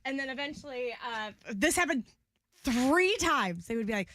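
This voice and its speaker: A woman co-hosting a morning radio show, telling stories in an animated, exasperated way. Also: fairly high pitch, fairly quick. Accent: Midwestern American. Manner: animated storyteller, exasperated and laughing. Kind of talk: casual morning radio banter.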